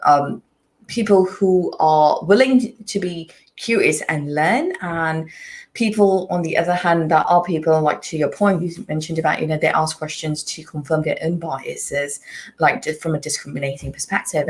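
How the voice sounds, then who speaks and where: A woman's voice: deep voice, moderate pace. A woman hosting a podcast discussion, talking earnestly and repeating points for emphasis. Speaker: podcast host. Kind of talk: casual discussion.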